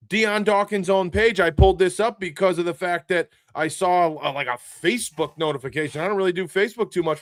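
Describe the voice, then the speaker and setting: A man hosting a live sports stream, talking in an excited, frantic way and repeating himself. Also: a little high, no echo. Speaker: sports podcast host. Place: home studio, seated.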